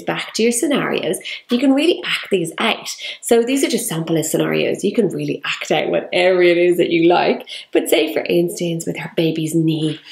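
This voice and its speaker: Gentle instructional woman, gravelly edge. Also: fairly low pitch, echoey room. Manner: gentle, clear explanations with playful demonstrations. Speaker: early-years speech educator. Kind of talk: instructional talk to parents.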